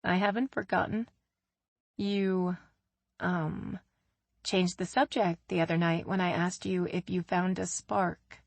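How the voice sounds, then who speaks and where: A woman's voice: on the low side, fairly even intonation, takes it slowly, gravelly, no room sound, heavily acted. A woman reading as a playful young professional woman. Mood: soft. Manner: cheerful, playful, soft at times.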